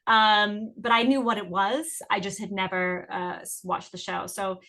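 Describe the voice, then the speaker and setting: A woman's voice: medium pitch, flat delivery, moderate pace, sharp tone. A woman in her thirties from England with a mixed British and American accent, chatting and laughing easily as an interview guest. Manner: bubbly, laughs often, chatty. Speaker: actress guest. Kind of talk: casual interview answers.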